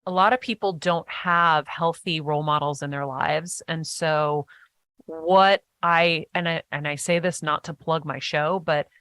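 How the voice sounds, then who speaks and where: A woman guest in a casual interview chat, talking eagerly in animated bursts with quick restarts. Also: sits low, clear, resonant tone, dry recording.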